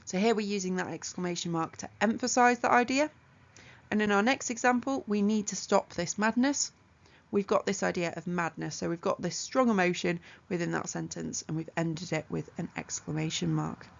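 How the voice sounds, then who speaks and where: A woman tutor walks through an exam revision lesson in a clear, methodical way, working through one example after another. Her voice sits low and carries a gravelly fry. The audio sounds a little dull and lo-fi. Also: fairly quick. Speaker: English tutor.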